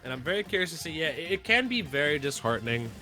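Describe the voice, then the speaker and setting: Bright-voiced young man casting esports. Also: fairly high pitch, very animated, quick pace, soft background music. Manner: laid-back, slangy. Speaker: esports commentator. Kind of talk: live esports commentary.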